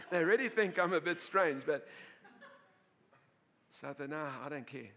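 Bright-voiced, animated male preacher. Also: a little high, slow pace. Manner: animated, laughing, repeats and restarts words. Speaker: pastor. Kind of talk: sermon with storytelling.

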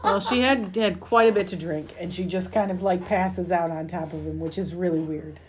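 Lowish woman's wry asides. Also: fairly even intonation, moderate pace, a little hiss or hum. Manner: wry, correcting details with a laugh. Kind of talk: casual chat.

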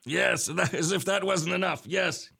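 A man's voice: high-pitched, a little slow, gravelly, sharp tone, breathy edge. A man hosting a late-night comedy call-in radio show, dry and teasing with his callers. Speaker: radio host.

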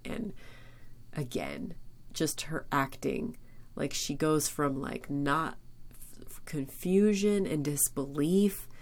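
Low gravelly woman rambling through a recap. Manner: rambling, filler-heavy, enthusiastic. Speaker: podcast host recapping an episode. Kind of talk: casual episode recap.

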